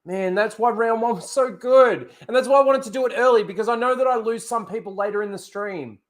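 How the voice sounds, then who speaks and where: A man's voice: sits high, brisk. A man hosting a casual livestream, rambling, correcting himself and talking straight to his viewers. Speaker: livestream host.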